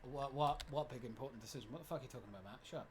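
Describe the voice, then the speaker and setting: A streamer in their twenties, giving lively gameplay commentary, reading game text aloud and swearing often. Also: mid-range voice, racing, noisy background. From United Kingdom. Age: 20s.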